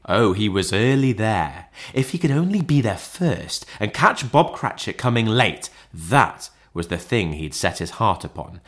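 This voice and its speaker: A man narrating a classic audiobook in an expressive, theatrical way. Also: on the low side.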